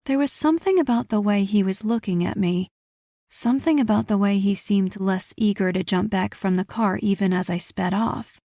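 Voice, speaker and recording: A woman's voice: medium pitch, moderate pace, mellow, dry recording, clean studio sound. A woman reading a first-person audiobook in a tense, clipped storytelling manner. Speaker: audiobook narrator.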